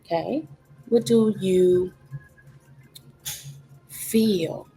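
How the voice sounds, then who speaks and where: A woman hosting a reflective wellness talk, calmly teaching and walking through steps with rhetorical questions. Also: medium pitch, very slow, soft background music. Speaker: host.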